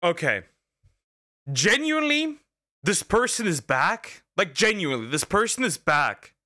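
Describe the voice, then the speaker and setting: A man's voice: fairly high pitch, big pitch swings, moderate pace, sharp tone, dry recording, clean studio sound. A man streaming as a VTuber, reacting to a video in casual commentary, exasperated, stammering and repeating himself with bursts of laughter.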